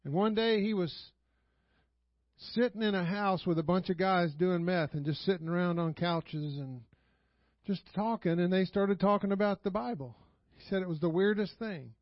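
A man with a high-pitched voice preaching a sermon in a church, telling stories like casual talk and pressing the people with rhetorical questions. He chuckles often as he goes. The recording is dry and dull, lo-fi with no room echo. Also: moderate pace. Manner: conversational storytelling with frequent rhetorical questions. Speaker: pastor. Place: church sanctuary.

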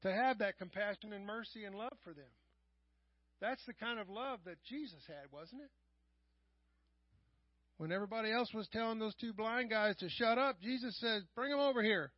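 A middle-aged man with a high voice preaches a sermon, dropping to quiet asides and then rising to loud, raised passages. The sound is dry, with no room echo, and muffled like a lo-fi church live stream. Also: normal speed, long pauses. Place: church sanctuary.

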